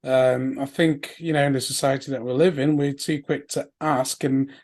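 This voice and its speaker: A man's voice: medium pitch, fairly even intonation, normal speed, darkish tone. A man hosting an interview, agreeing with his guest and laughing along. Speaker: interview host. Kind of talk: conversational interview.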